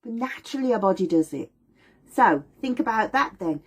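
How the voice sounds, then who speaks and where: A middle-aged woman gives a chatty, informal lesson. Her voice is slightly husky and her pitch leaps around a lot, jumping up high whenever she acts out someone else's words. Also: moderate pace. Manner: animated, acts out voices of mum and baby. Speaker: aromatherapy teacher. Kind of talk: informal lecture.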